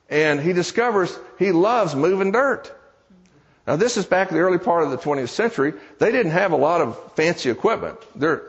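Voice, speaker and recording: A man's voice: fairly high pitch, long reverb tail, muffled recording. Man preaching a chatty sermon. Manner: conversational, joking asides to the congregation. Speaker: preacher and seminar teacher. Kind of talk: sermon with storytelling. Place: church.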